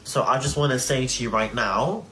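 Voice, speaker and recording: A man's voice: medium pitch, moderate pace, bright, forceful tone, a little hiss or hum. A man, ranting heatedly and indignantly on a livestream and swearing often. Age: 20s. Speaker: social media creator on a livestream. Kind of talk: emotional livestream rant.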